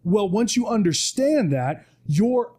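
A man's voice: sits high, sing-song, takes it slowly, mellow. A man talking as a podcast guest, preaching with emphasis and often tagging "right?" onto his points. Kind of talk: animated motivational talk. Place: podcast studio.

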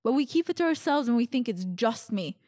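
A young woman podcaster tells a personal story in a relaxed, chatty way, laughing often and voicing her friends' lines. Her voice sits a little high. The sound is close and dry, with no room echo. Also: a little fast. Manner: chatty, laughing, acts out quoted dialogue. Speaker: podcast host. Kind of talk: casual storytelling monologue.

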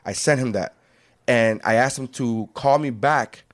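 A man in casual podcast conversation, emphatic and profane, who builds his points through examples. His voice is mid-pitched and unremarkable in tone. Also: unhurried.

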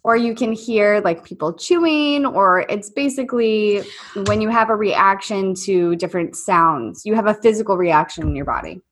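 A woman with a husky voice of middling pitch co-hosts a podcast. She talks casually in short, laid-back replies and swears now and then. She is heard through a remote call microphone. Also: normal speed, hardly any pauses. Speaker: podcast co-host. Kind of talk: casual chat.

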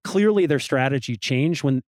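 A man's voice: mid-range voice, expressive, normal speed, dry recording, studio quality. A man co-hosting a podcast, talking golf bluntly, swearing freely and asking pointed questions. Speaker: podcast co-host. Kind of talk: casual golf chat.

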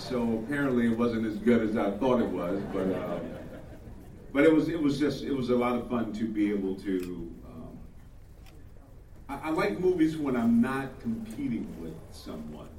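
A man's voice: on the low side, lively intonation, normal speed, background noise. An older male actor telling chatty stories at a panel Q&A, chuckling often. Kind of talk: panel Q&A storytelling. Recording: echoey room, distant mic, faint ambience.

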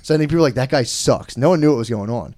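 A man's voice: mid-range voice, lively intonation, fast, mellow. A man chatting as a podcast guest, telling rambling stories, swearing a lot and laughing often. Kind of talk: casual chat.

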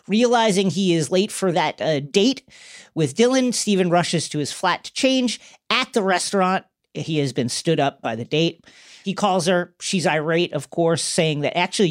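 A podcast host casually recapping a TV episode in a loose, chatty way, with fillers and the odd swear word. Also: medium pitch.

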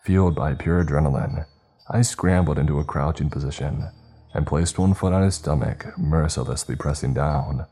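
A man narrating a first-person story in a steady, even retelling. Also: a bass voice, normal speed, slightly rough.

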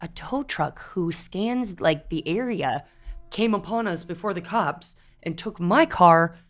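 A woman's voice: fairly low pitch, unhurried, faint music behind. A woman co-hosting a podcast in casual chat, telling candid, profane stories. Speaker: podcast co-host.

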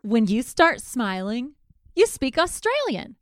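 A woman's voice: on the high side, big pitch swings, slow pace, no echo, studio quality. A woman playing an eager, prying wife in an improvised comedy scene. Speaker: co-host.

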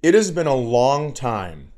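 Unhurried and medium-pitched, a man in his forties co-hosting a podcast relates a funny story casually, bringing it to life by performing each person's voice.

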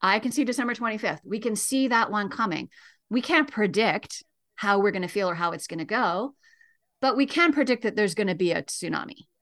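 Earnest woman guest explaining calmly. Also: mid-range voice, a little fast. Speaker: grief educator, guest. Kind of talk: radio interview.

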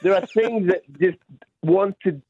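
A man, a comedian guest on a radio interview, telling an animated, self-mocking story and acting out the people in it. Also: sits high, measured pace. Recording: slightly dull radio sound.

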